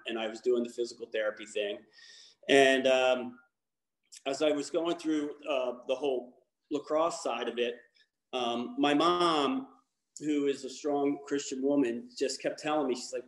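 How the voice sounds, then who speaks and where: A man's voice: mid-range voice, moderate pace, roomy sound. A man from Baltimore giving a candid personal testimony as a guest speaker, talking in a rambling way with many fillers and restarts. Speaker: guest speaker, lacrosse coach.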